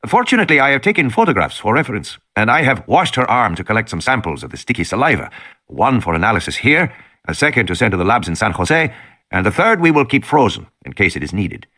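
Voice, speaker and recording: Man reading as composed, formal male doctor; audiobook; animated, bright delivery. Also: on the low side, fast talker, full character voice. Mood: measured. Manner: formal, careful phrasing. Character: calm male Costa Rican doctor, formal.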